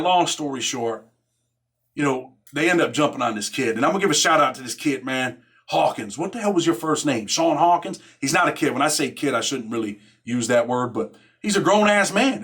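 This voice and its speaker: A man with a fairly high voice tells a rough story from his past in loose, streetwise talk. He is profane and keeps tossing "man" into his sentences, the way a host talks straight to his viewers. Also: a bit bright. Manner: streetwise, profane, fills nearly every phrase with "man". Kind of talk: casual storytelling.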